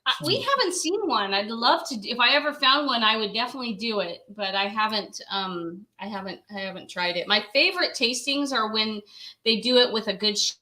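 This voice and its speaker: A woman with a bright, clear voice co-hosts a relaxed chat. She reads out viewer questions and keeps things friendly with follow-up questions. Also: fairly high pitch, brisk, low-quality recording. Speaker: co-host reading viewer questions. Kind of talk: casual chat.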